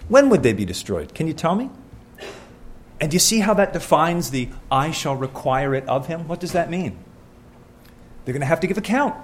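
A man's voice: on the high side, very animated, normal speed, a little hiss or hum. A man preaching a sermon, reading scripture aloud and asking his listeners questions in an earnest, conversational way.

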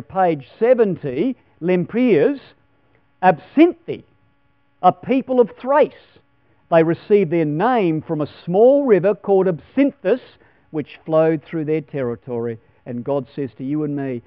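A chatty preacher gives a Bible class sermon in an easy, folksy manner, putting questions to his listeners. His voice is a little high for a man. The recording is dull, lo-fi, and dry with no room sound, with a steady mains hum underneath.

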